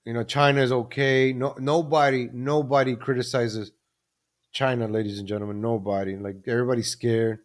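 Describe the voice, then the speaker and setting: Hosting a casual commentary live stream, a man rants about the news and keeps addressing viewers as "ladies and gentlemen." His mid-range voice is brisk, with fairly even intonation.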